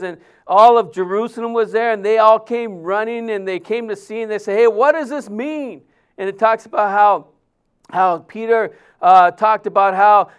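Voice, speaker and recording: With a high-pitched, clean voice, this pastor delivers his sermon in a chatty style, stumbling through fillers and restarts and going soft whenever he quotes someone.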